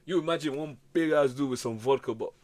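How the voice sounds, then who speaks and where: A young man co-hosting a podcast, telling stories excitably and filling his talk with "bro" and "like". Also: mid-range voice, fast. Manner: excitable storyteller, says "bro" and "like" a lot. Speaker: podcast co-host. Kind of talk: casual chat.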